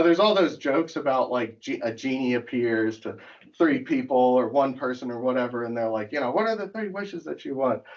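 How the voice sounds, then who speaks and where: A man's voice: mid-range voice, muffled recording. A man teaching a church class in a casual, conversational way, telling jokes and stories. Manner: conversational, tells jokes with acted voices.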